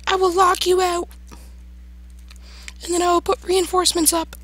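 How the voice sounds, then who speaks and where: A man putting on a shrill falsetto to play a cheeky, mock-friendly taunter with a teasing sing-song manner. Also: completely flat delivery, moderate pace, fairly bright tone. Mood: taunting.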